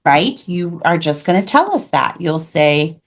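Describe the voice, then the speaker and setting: Slow-spoken woman teaching a class. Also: deep voice, sing-song. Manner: patient, clear modeling of pronunciation. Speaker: French teacher. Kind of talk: online classroom lesson.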